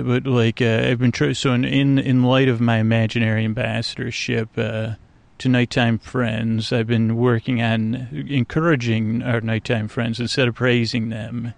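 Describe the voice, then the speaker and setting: Rambling man with a gravelly voice. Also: mid-range voice, dry recording. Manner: meandering, hesitant, many fillers and restarts, whimsical. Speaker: sleep podcast host. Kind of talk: rambling, drowsy monologue outdoors at night. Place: outdoors by a swamp at night.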